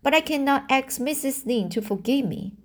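A woman's voice: high voice, lively intonation, pitched above the performer's own voice. A woman doing a stubborn, dramatic orphan girl. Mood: defiant. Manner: dramatic, pleading, slow halting reading.

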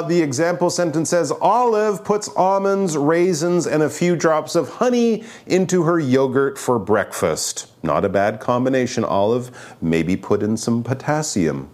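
A man's voice: lowish voice, darkish tone. A man co-hosting an English lesson, explaining vocabulary in a chatty way with joking asides. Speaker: co-host English teacher.

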